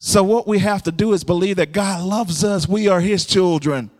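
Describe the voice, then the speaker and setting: Speaking at normal speed, a preacher delivers his sermon call-and-response style. Frequent laughter and cries of hallelujah punctuate it as his voice grows louder and climbs in pitch.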